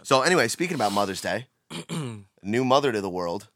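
A man's voice: on the low side, sing-song, a little fast, fairly bright tone, no room sound, clean studio sound. A young man co-hosting a casual podcast chat, joking and slipping into mock voices. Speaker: podcast co-host.

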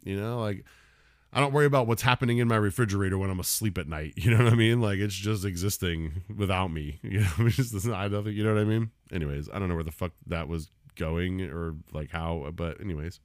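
A man's voice: low voice, brisk, dry recording, studio quality. A man in his thirties hosting a solo comedy podcast, ranting casually with lots of swearing and laughter. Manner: profane, rambling, laughs often.

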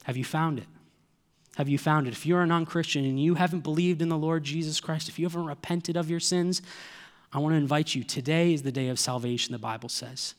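A man's voice: fairly high pitch, fairly even intonation, fast talker. A man, preaching a sermon earnestly and asking the listeners rhetorical questions. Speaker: pastor.

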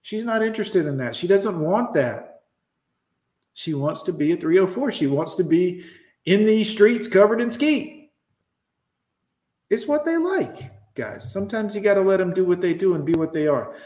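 A man's voice: high-pitched, animated, moderate pace, darkish tone, roomy sound. A man telling a crude, mocking story to viewers in a casual monologue.

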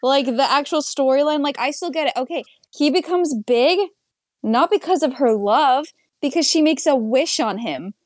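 A woman's voice: high-pitched, normal speed, dry recording, studio quality. A young woman co-hosting a casual movie review podcast, blunt and sarcastic in her criticism. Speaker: podcast co-host.

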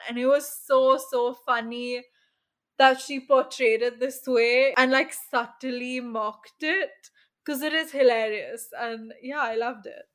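A young woman co-hosting a casual chat, speaking in a thoughtful, measured way with soft fillers. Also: on the high side. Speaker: podcast co-host.

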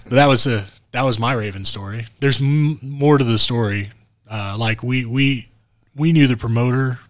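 A man's voice: on the low side, dry recording, studio quality. A man co-hosting a podcast, telling a casual road story and acting out what other people said. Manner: animated, acts out quotes of others. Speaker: podcast co-host.

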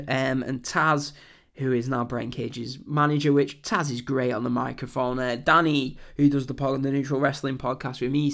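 This medium-pitched, creaky voice belongs to a young Englishman reviewing a wrestling show on his podcast. His recap is casual and meandering, full of ums.

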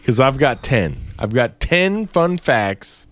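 Animated, emphatic casual man. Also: medium pitch, slow pace, no echo. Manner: emphatic, swears freely, builds hypotheticals. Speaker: podcast co-host. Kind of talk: casual chat.

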